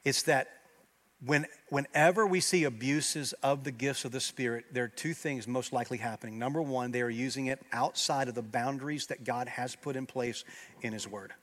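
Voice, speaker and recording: A man preaching a sermon as pastor, swinging from loud emphatic peaks to quiet, earnest low passages. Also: normal speed. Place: church sanctuary.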